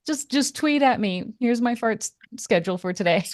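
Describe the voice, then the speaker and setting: A woman's voice: on the high side, lively intonation, normal speed, darkish tone, no echo, clean studio sound. A woman who plays in the game and streams herself, chatting casually with wry, self-deprecating humour. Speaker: player and streamer. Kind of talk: casual chat.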